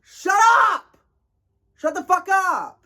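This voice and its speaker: Guy imitating screechy teen girls yelling, super high and loud. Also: extremely slow, slight background noise, heavily acted. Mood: shrieking. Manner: shrieking, yelling. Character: shrieking teenage girls yelling at the station.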